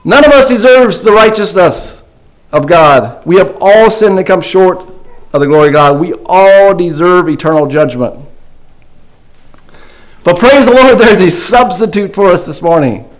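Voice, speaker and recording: Earnest preacher man, voice on the high side. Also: lively intonation, measured pace, rough recording. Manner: earnest, building emphasis. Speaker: pastor. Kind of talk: sermon.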